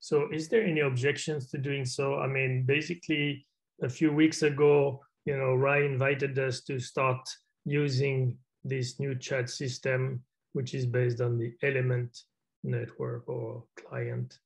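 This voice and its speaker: A man's voice: mid-range voice, level tone, measured pace, creaky, poor audio. Easygoing man chairing a call. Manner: easygoing, chatty, with hesitant fillers. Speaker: meeting chair. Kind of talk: casual meeting talk.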